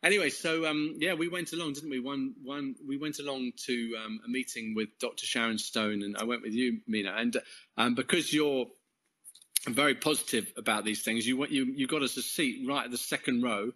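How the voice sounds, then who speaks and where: An English man appears as a guest, a Christian course leader, sharing a faith story as casual testimony in conversation. His mid-range voice is sharp and fairly quick, and his rambling telling is full of false starts and small laughs.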